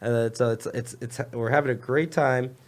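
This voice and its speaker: A man's voice: mid-range voice, fairly even intonation, normal speed. A young man telling a rambling story in casual podcast chat, laughing often and jumping between tangents. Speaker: comedian guest.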